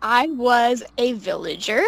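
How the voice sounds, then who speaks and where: A young woman telling stories casually as an interview guest, animated, laughing often and acting out what people said. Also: on the high side, a little slow, gravelly, no room sound, low-quality recording. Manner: animated, laughs often, acts out quoted voices. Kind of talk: casual storytelling.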